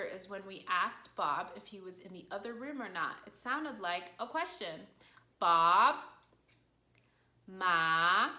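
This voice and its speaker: A woman teaching an online language lesson in a patient, encouraging way, explaining each point clearly. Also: medium pitch, sharp tone. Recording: echoey room.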